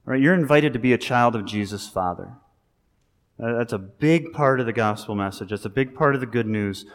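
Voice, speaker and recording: Male pastor, mid-pitched voice, casual animated sermon, long hall reverb. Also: fairly quick. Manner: conversational, animated preaching with rising emphasis.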